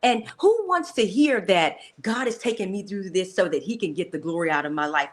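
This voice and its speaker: A woman's voice: medium pitch, lively intonation, brisk. A woman podcast host and coach talking in an emphatic, encouraging way, with preacherly asides, during a faith-based interview.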